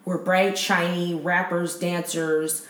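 A woman comedian chatting as a podcast guest, animated and often laughing as she tells stories. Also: lowish voice, slow, reverberant. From United States. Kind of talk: casual chat.

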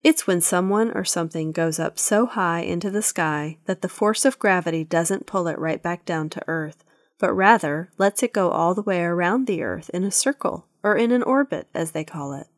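A woman voicing an older grandfather who calmly explains things to his grandchildren. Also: lowish voice, moderate pace, no echo, studio quality, close to an everyday voice. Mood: patient. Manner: calm, explanatory storytelling.

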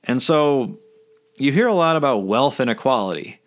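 Man, casual explainer, sardonic, blunt, profane, mid-pitched voice. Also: animated, normal speed. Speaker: video essayist.

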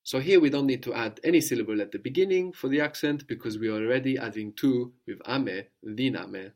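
A man's voice: medium pitch, fairly quick, darkish tone. Patient male language teacher, prompting answers. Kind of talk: spoken language lesson.

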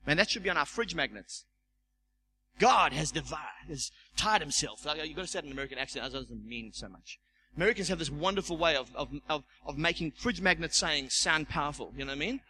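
A man preaching a sermon as pastor, animated, stumbling over repeated words and acting out the voices he quotes. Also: fairly high pitch, quick pace, slight background noise, low-quality recording. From South Africa.

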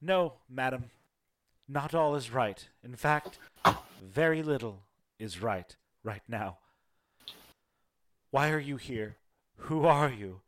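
A man's voice: medium pitch, slow pace, long pauses, close to an everyday voice. A man voicing a grieving noble half-elf widow. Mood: distraught.

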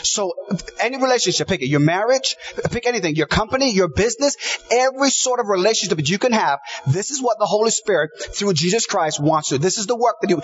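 A man's voice: sits high, animated, quick pace, slightly rough, highs cut off. A man preaching a sermon, emphatic, piling up repeated phrases and quoting scripture. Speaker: pastor.

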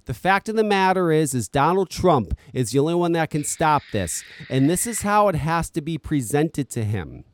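A man's voice: on the high side, sing-song, normal speed, few pauses, no echo. A man ranting on a podcast, exasperated and profane, talking close to the mic. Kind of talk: heated podcast commentary.

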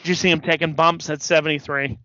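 Bright high-voiced man telling stories. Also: fast talker, dry recording, dull audio. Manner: animated storytelling, acts out quotes. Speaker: podcast co-host. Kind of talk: casual chat.

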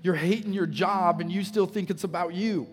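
A man's voice: sits high, normal speed, in a large hall. A man preaching a sermon as pastor, telling a story with growing passion and calling people forward. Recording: live sermon with music playing. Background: music.

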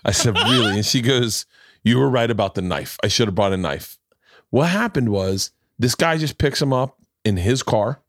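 A man's voice: mid-range voice, moderate pace, dry recording. Middle-aged guy on his podcast, swearing a lot, close dry mic, acts out everyone in his story. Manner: animated, profane, acts out voices in stories. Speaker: podcast host. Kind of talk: casual storytelling chat.

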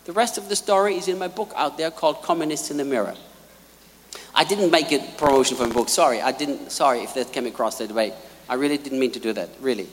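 A man's voice: medium pitch, quick pace, a little hiss or hum. Male preacher, emphatic sermon, repeats key lines, long hall reverb. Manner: emphatic, repeats key lines, swings between quiet asides and loud peaks.

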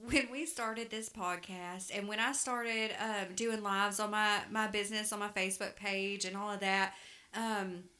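A woman's voice: medium pitch, steady tone, unhurried, bright, forceful tone. A woman with a Southern US accent, co-hosting a podcast in folksy, chatty talk and laughing easily. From Louisiana, US South. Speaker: podcast co-host. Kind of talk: casual chat.

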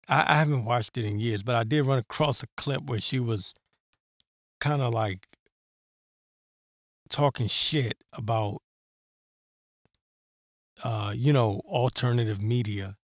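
A man's voice: medium pitch, dry recording, clean studio sound. A man hosting a solo podcast, talking in a rambling, heated way with profanity and many fillers. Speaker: podcast host. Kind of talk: solo political commentary.

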